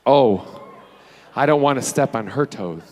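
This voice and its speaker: A man's voice: mid-range voice, expressive, unhurried, darkish tone. A man, answering fan questions on a convention panel in a playful, chatty way. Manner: playful, chatty, self-teasing. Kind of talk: casual Q&A with fans. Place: convention hall stage.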